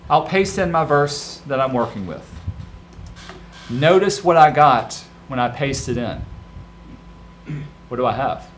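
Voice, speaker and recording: A male design instructor giving a relaxed, practical screen-recorded software tutorial and talking straight to his students. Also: medium pitch, unhurried, pauses often, slight background noise.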